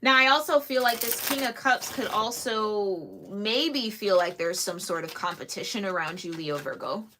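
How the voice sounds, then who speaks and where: A woman's voice: medium pitch, moderate pace, hardly any pauses, noisy background. Casting note: woman, solo tarot reader, casual and chatty, frequent giggles. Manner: chatty, giggly, lively asides. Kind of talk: casual tarot reading to camera.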